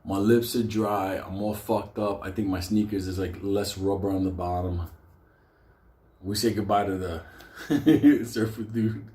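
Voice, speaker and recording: A man's voice: steady tone, measured pace, warm tone, echoey room. A man telling a rambling, profane comic story about his own past, often breaking into laughter. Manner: profane, laughs often, raises his voice high for quoted lines.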